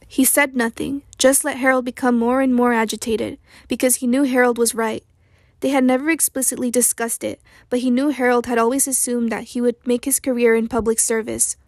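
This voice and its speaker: A woman narrating an audiobook in a steady, measured reading. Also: fairly high pitch, dry recording, clean studio sound. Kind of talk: scripted narration.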